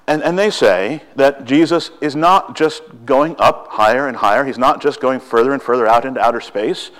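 Male preacher with a mid-range voice, quick and animated, full of rhetorical questions. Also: medium pitch. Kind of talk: sermon.

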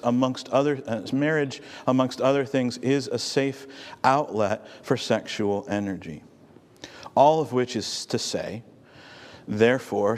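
A man's voice: on the low side, a little mellow. A man pastor delivering a sermon in a conversational, storytelling way to a congregation. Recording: long hall reverb.

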